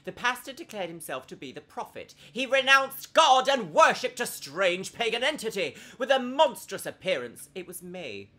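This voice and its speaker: Bright, bubbly woman streamer. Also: sing-song, normal speed, hardly any pauses. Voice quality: chatty and giggly, with big swoops in pitch. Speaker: game streamer. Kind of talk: casual live-stream commentary.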